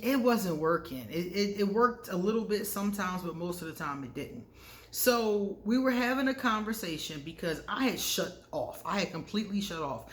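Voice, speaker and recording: A woman hosting an astrology channel, telling personal stories in a candid, casual way and often laughing at herself. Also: lowish voice. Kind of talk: casual storytelling to camera. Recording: echoey room.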